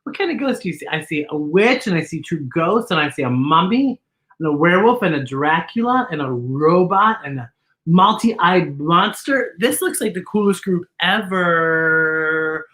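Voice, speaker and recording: A woman's voice: fairly low pitch, moderate pace. A woman hosting a children's storytime, reading a picture book aloud with exclamations and questions to the kids. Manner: animated, exclamatory, talks to kids directly.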